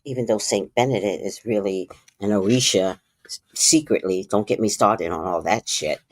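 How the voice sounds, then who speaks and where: A woman hosting a livestream, telling a story in a casual, animated way, with hushed asides and loud, profane outbursts. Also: a bass voice, normal speed, no echo. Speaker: livestream host.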